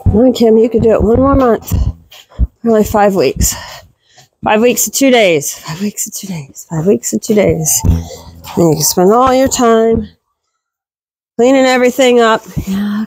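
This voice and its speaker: A woman's voice: on the high side, a little mellow, dry recording, poor audio. A woman goat farmer vlogging casually while doing barn chores, talking fondly to her goats and scolding them.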